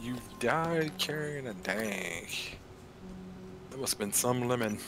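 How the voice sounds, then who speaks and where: A man's voice: mid-range voice, lively intonation, takes it slowly, background noise. A man on a game stream making dry, teasing remarks to his friends. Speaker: co-player on a stream. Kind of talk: casual game chat.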